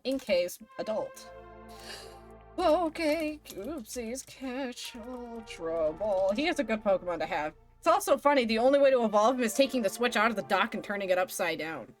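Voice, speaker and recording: A woman streamer with a somewhat high voice that swoops widely, reading game dialogue aloud in playful put-on voices. Game music plays faintly behind her. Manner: animated, reads characters' lines with playful voices and laughs.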